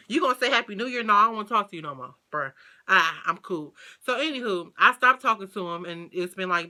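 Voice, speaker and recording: A woman talks through a casual storytime, animated and full of slang and asides to her viewers. Her voice is very bright and sharp. She swears freely and keeps a loose, chatty flow. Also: medium pitch. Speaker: vlogger.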